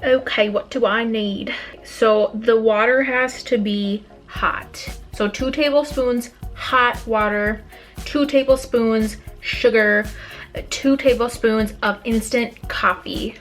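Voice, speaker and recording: A woman's voice: on the high side, steady tone, slow pace, fairly bright tone, soft background music. A young woman vlogging casually from her home kitchen, chatty and jokey with rambling asides, recorded on a phone. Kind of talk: casual cooking vlog.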